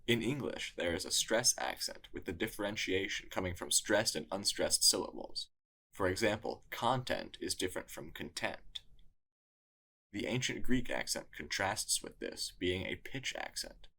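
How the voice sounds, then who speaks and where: A man narrating a scripted lesson in a measured, explanatory way. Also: low-pitched, very animated, gravelly, pushed and bright, breathy edge. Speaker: tutor.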